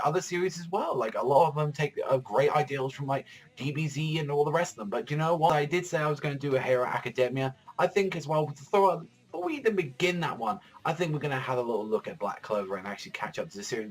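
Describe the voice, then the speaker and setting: A man's voice: fairly high pitch, quick pace. A young man reviewing a manga chapter in a casual, rambling way, swearing often and filling his talk with "like". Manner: rambling, profane, heavy use of filler "like".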